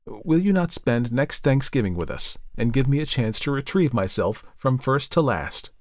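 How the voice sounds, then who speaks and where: A man's voice: medium pitch, expressive, moderate pace, dry recording, studio quality, pitched above the performer's own voice, lightly acted. A man reading as an earnest, remorseful young woman. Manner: earnest, apologetic.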